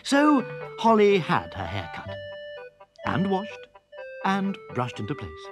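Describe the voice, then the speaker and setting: A storyteller reading a children's story aloud in a dramatic, expressive way. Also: takes it slowly, pauses often, over music. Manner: very expressive, dramatic swings in pitch. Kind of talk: scripted children's story narration.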